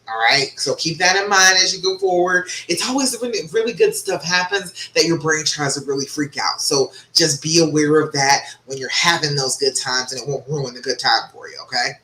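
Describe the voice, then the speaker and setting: A woman's voice: low voice, normal speed, few pauses, pushed and bright, reverberant, rough recording. A woman relationship coach on a live stream, giving chatty, encouraging advice and often checking in with "okay?". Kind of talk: live-stream advice and reading viewer comments.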